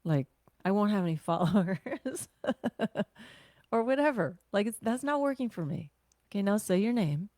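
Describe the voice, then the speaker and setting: A woman teaching a guided self-care breathing class, talking gently and conversationally with sighs and slow exhales. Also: mid-range voice, expressive, dry recording.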